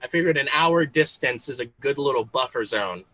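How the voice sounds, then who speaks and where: A man's voice: medium pitch, animated, moderate pace, pushed and bright, rough recording. A man in his thirties from Texas doing a conversational stand-up set, laughing at his own jokes. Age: 30s. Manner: conversational, with fillers and self-amused laughs. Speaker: stand-up comedian.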